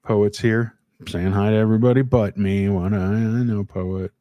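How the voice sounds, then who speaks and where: A man hosting a casual live stream, talking haltingly with many fillers and restarts while greeting viewers in the chat by name. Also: on the low side, steady tone, dark tone, no room sound. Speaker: livestream host.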